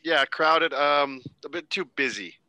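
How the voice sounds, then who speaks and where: A man's voice: fairly high pitch, unhurried, pushed and bright, dry recording, rough recording. A man co-hosting a casual wrestling podcast, rambling and interrupting himself, laughing easily. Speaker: podcast co-host.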